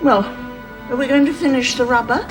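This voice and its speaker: A woman's voice: high-pitched, fairly quick, over music, natural voice. An actress playing a composed, refined English lady of the house who speaks in a genteel, matter-of-fact way. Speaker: lady of the manor.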